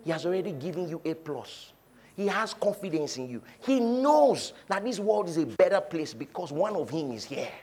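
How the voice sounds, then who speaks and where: A man preaching a sermon, shouting one moment and dropping low the next, leading his congregation to repeat phrases. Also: sing-song, normal speed. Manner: preaching with swings from shouting to quiet, leading call-and-response. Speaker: pastor.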